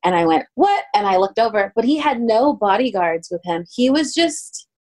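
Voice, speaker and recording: A woman in her thirties, a pastry chef guest telling stories in a casual interview, acting out quoted voices with sudden pitch jumps. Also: normal speed. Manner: animated, acts out quotes with lively pitch jumps. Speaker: guest, pastry chef turned ice cream maker.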